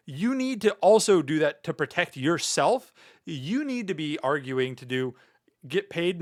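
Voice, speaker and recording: A man talking casually on a livestream, his fairly high voice swinging up and down a lot. He rambles and jokes as he rants. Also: big pitch swings, a little slow. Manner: joking, rambling, tacking "meow" onto sentences. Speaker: streamer.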